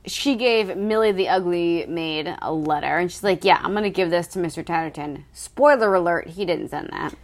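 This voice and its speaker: A woman casually recapping a novel with a friend, swearing freely and acting out the characters in quick voices. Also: lowish voice. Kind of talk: casual book recap chat.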